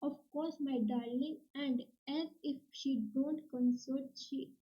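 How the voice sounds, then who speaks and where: High-voiced woman, slow halting classroom read-aloud, dull lo-fi audio. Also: fairly even intonation, warm tone. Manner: halting, word-by-word reading with restarts. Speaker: teacher reading a play aloud. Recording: dull lo-fi recording.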